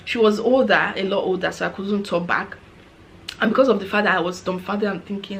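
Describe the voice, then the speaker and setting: A woman's voice: mid-range voice, a little fast, slight background noise. Chatty Nigerian woman telling a story. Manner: frank, chatty, animated retelling. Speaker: vlogger, former care assistant. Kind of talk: casual storytelling.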